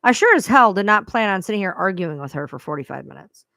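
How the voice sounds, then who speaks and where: A woman's voice: mid-range voice, animated, fast, bright, forceful tone, no room sound, studio quality. A woman hosting her own live stream, venting to viewers in a frustrated, profane rant. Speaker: livestream host.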